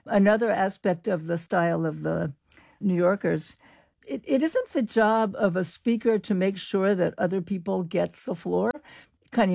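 An older woman explaining her research in an interview, in an animated, explanatory way. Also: mid-range voice, vocal fry, dry recording, studio quality. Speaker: linguist guest. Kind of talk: interview answers.

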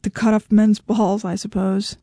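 A woman's voice: mid-range voice, flat delivery, a little slow, mellow, no room sound, clean studio sound. Woman reading as a tearful pleading husband. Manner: pleading, cracking with tears.

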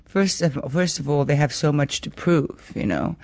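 A woman's voice: low-pitched, expressive, moderate pace, gravelly, darkish tone, no echo. Woman actress, interview, earnest and emphatic, dry close mic. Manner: earnest, emphatic, repeats words.

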